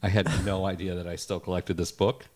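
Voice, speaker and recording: A man with a fairly low voice co-hosting a casual podcast. He jokes around and winds himself up into animated, mock-angry rants. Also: brisk. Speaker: podcast co-host. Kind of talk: casual chat.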